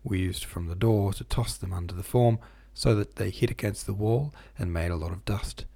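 Man narrating a classic novel, measured and steady, low husky voice, pauses to explain footnotes. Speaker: audiobook reader. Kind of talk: reading a classic novel aloud.

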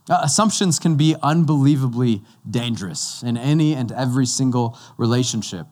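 A man preaching a sermon as pastor, talking conversationally and slowing down to stress key points. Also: mid-range voice, a little mellow. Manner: conversational, with slow, emphatic stretches.

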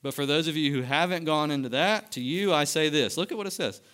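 Pastor, male, fairly high smooth voice, passionate sermon delivery. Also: brisk, fairly bright tone. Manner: passionate, building to emphatic peaks. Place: church sanctuary.

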